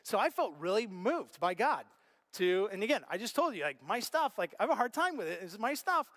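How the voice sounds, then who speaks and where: A man preaching a sermon as pastor, telling stories with lively, animated reactions. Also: high-pitched, brisk. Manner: animated storyteller, acts out his own reactions.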